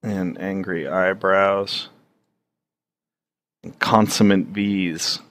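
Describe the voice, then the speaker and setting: A man's voice: low-pitched, fairly even intonation, fairly bright tone, no echo. A man giving casual, rambling commentary while he draws, swearing freely and trailing off into fillers. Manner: rambling, profane, halting with many fillers. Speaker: streamer drawing on stream.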